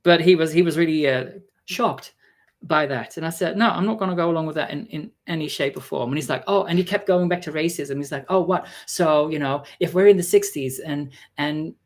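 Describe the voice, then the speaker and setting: A man vlogging a casual story, exasperated and sarcastic, acting out the people he quotes with sudden jumps in pitch. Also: fairly quick. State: tired.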